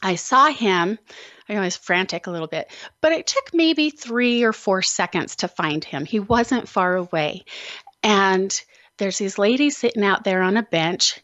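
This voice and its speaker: A woman hosting a radio talk show, telling a personal story in a lively, animated way. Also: medium pitch, dry recording. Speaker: host. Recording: dull, lo-fi dry recording.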